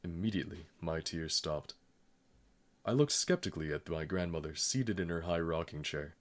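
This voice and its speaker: A man reading a novel aloud in calm, measured narration. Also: sits low. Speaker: audiobook reader. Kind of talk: scripted narration.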